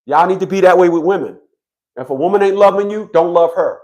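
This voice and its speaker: A man's voice: high voice, fast talker, a little mellow. A man giving a blunt, profane monologue to his viewers, often stammering and restarting his sentences. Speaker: online commentator on child support.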